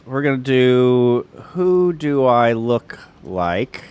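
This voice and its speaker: Easygoing male YouTube host, narrates each step as he goes, relaxed screen-demo delivery. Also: medium pitch, drawn-out words, hardly any pauses, smooth. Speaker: ham radio YouTuber. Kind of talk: casual screen-recording walkthrough.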